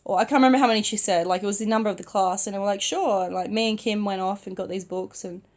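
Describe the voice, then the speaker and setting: A young woman tells a casual storytime from her bed while sick. Her voice sits in an ordinary middle female range. She talks softly and chattily, filling her sentences with "like". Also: medium pitch, steady tone, racing. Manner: chatty, many "like" fillers, soft-spoken. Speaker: vlogger. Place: in bed at home.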